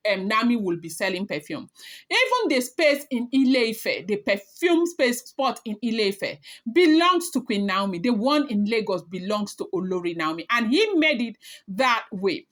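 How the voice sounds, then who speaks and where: A woman's voice: a little high, a bit bright. A woman talking casually as a celebrity gossip blogger, chatty and emphatic, speaking straight to her viewers.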